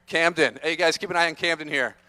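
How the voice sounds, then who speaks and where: A man giving an energetic, playful motivational talk to students, teasing the audience, on a stage microphone in a large conference hall. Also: a little high, quick pace, clean tone. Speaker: motivational speaker.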